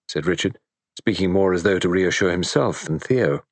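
Low-voiced male audiobook narrator. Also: no echo. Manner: measured, even storytelling.

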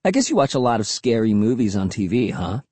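A man's voice: lowish voice, very animated, brisk, a little mellow, slightly rough, no echo. A man doing a sarcastic skeptical boy. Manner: sarcastic, grumbling. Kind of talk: audiobook character voice.

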